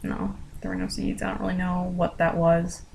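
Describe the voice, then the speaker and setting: A woman's voice: lowish voice, moderate pace, vocal fry, low-quality recording. Young american woman rambling through a story on her vlog, lots of "like"s, bit of hiss behind. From United States. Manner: animated, with lots of "like" fillers and gasps. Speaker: vlogger.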